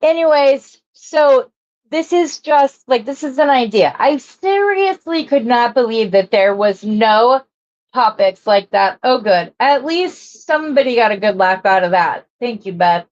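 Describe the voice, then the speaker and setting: A woman's voice: fairly high pitch, expressive, measured pace, lo-fi sound. A woman hosting a jewelry-making live stream, chatting casually and rambling as she greets viewers and works.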